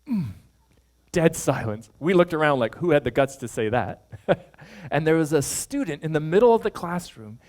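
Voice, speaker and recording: Lively storytelling male pastor. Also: fairly high pitch. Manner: animated storyteller, acts out quoted voices with chuckles. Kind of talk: sermon storytelling.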